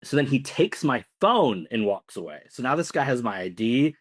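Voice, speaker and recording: A man's voice: mid-range voice, big pitch swings, normal speed. A man co-hosting a podcast, telling a long story casually with many fillers. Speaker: podcast co-host.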